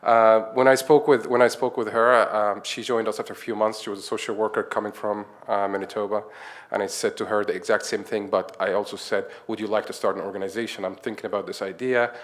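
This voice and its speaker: A man's voice: on the low side, flat delivery, quick pace. A man from Egypt, giving a conference talk and telling stories in a chatty way. He chuckles often and acts out the dialogue he quotes. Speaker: conference speaker, nonprofit founder. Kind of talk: conference talk, anecdotal storytelling.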